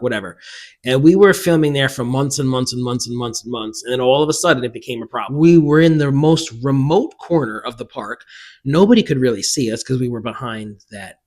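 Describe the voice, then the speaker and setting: A man chatting to camera about books while alone in a room, animated and self-mocking, breaking into bursts of loud laughter. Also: medium pitch. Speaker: book vlogger. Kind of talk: casual chat to camera.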